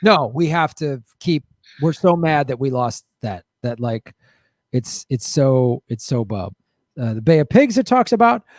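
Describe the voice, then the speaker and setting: A man's voice: medium pitch, very animated, unhurried, a little mellow, dry recording, studio quality. An American man co-hosting a political talk show, reading an article aloud with sarcastic mock cheer. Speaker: podcast co-host.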